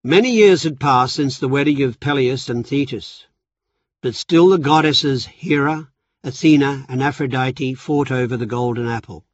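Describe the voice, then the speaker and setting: A man narrating a chapter of an audiobook in slow, even storytelling. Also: mid-range voice, no echo. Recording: dry, slightly dull recording.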